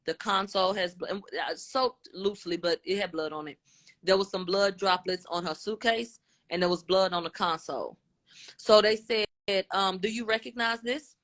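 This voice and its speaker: A woman's voice: medium pitch, normal speed, fairly bright tone. A woman giving a casual, blunt recap of courtroom testimony, voicing both the questions and the answers in turn. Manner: informal, blunt, with slang. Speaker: commentator.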